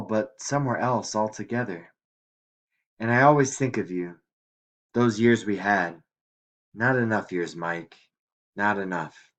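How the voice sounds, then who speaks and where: A man's voice: mid-range voice, lightly acted. A man reading as a dreamy, regretful old grandmother. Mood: wistful. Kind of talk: audiobook reading.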